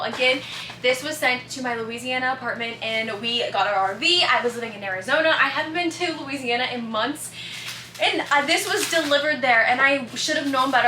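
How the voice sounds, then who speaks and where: A young woman vlogging casually, gushing and excitable as she unboxes packages indoors. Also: sits high. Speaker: lifestyle vlogger. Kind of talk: casual vlog chat, unboxing. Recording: echoey room, noisy background.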